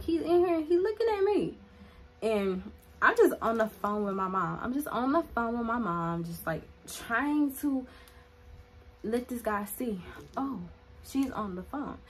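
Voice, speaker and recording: A woman telling a personal story to her viewers in a casual vlog, animated and chatty, filling her talk with "like". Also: fairly high pitch, low-quality recording. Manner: animated, chatty, heavy use of "like", talks straight to viewers. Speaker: vlogger.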